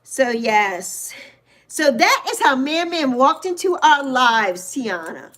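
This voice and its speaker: A woman in her sixties, hosting a livestream and telling a story in a chatty, animated way while greeting viewers by name. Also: sits high, slow pace. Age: 60s. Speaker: livestream host.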